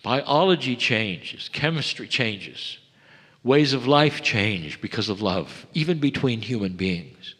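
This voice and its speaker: Male spiritual channeler, mid-range voice, slow solemn delivery, long hall reverb. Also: mid-range voice, expressive, a bit bright, breathy edge. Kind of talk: channeled spiritual address to a live audience. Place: event hall.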